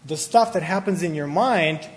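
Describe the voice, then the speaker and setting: A man preaching a sermon, animated and emphatic, often restarting his words. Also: fairly high pitch, normal speed. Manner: animated, rising to emphatic peaks, with many restarts. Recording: hall reverb with faint ambient noise.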